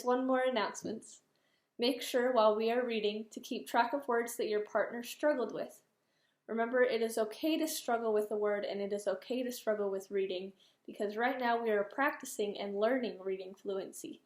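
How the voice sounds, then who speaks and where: A young woman teaching a reading lesson, explaining steps to students in a clear, patient way. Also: fairly high pitch, reverberant. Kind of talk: classroom lesson, micro-teach practice.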